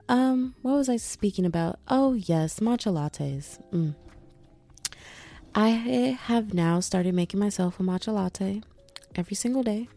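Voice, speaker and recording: Young woman vlogger, low mellow voice, rambling casual chat. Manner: chatty, self-interrupting, many "like"s.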